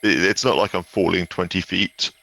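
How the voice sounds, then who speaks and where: A man's voice: low-pitched, fairly even intonation, normal speed, gravelly, sharp tone. A man playing a tabletop game, casually explaining rules and his character's plans. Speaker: player.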